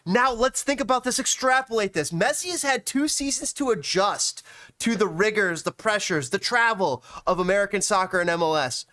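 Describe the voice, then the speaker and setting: A man chatting on a soccer podcast, rambling and excitable, sometimes breaking into shouts. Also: high voice, moderate pace, no room sound, clean studio sound. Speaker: guest. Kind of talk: casual podcast chat.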